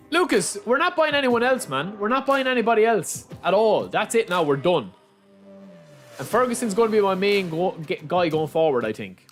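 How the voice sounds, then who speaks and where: A young Irish man giving chatty, excitable live commentary as he plays a game on stream, calling out to his viewers. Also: high-pitched. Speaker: gaming livestreamer. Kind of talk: casual live commentary over gameplay.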